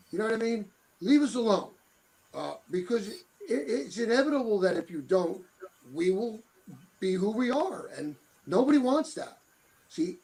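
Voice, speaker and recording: Gravelly, husky high-voiced man. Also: a little mellow, poor audio. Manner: blunt, tough-talking storyteller. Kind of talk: casual interview talk.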